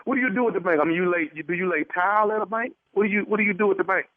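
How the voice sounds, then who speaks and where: High-voiced man on a dry phone line. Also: very fast, no echo. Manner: feigned naive, stammering repetitions. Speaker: radio prank caller. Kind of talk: prank phone call. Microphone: telephone.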